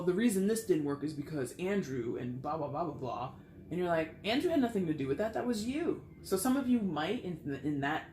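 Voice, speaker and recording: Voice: medium pitch, darkish tone, reverberant, slight background noise. A tarot reader giving a casual, rambling reading, full of fillers and blunt, salty language.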